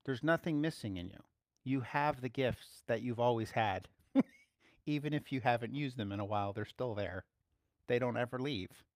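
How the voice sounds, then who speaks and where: A man's voice: mid-range voice, moderate pace, dry recording, studio quality. A man giving a casual, playful sermon, laughing often as he speaks. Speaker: preacher.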